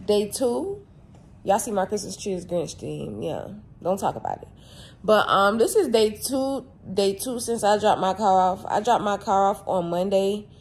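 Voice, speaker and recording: A young woman casually vlogging about her car, slangy and chatty, talking straight to her viewers. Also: mid-range voice. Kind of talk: casual vlog. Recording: loud street and traffic noise.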